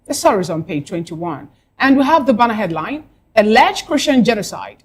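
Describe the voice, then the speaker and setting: A woman co-hosting a morning newspaper review, reading headlines and adding casual personal comments. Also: medium pitch. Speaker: news show co-host.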